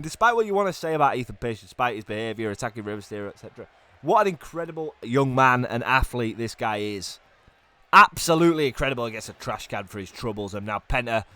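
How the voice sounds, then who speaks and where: A man doing excited play-by-play commentary on a wrestling video game while ill, dropping to low mutters and then bursting into shouts. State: ill, coughing.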